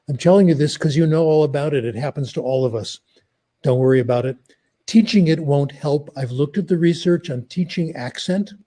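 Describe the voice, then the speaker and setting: Older man with a mellow, warm tone and a slightly husky edge, talking in an easygoing, anecdotal way. He makes academic points through conversational stories. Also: mid-range voice. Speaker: guest speaker.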